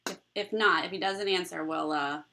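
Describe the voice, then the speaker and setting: A woman's voice: on the low side, moderate pace, gravelly, bright, forceful tone, slight background noise. A young woman hosting a casual live chat with her viewers, bubbly and rambling, laughing often. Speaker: livestream host.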